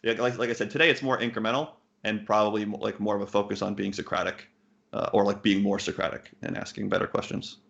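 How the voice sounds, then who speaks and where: Blunt, low-voiced man, swearing casually. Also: fairly even intonation, fast talker, creaky, a bit bright. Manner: blunt, swears casually, many fillers and restarts. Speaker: poker coach. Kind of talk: candid interview answers. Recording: muffled lo-fi audio.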